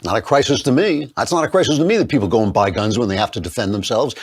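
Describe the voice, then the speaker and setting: A man's voice: on the low side, sing-song, fast talker, slightly rough. A middle-aged man hosting a show, delivering emphatic, combative opinion commentary. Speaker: political commentary host.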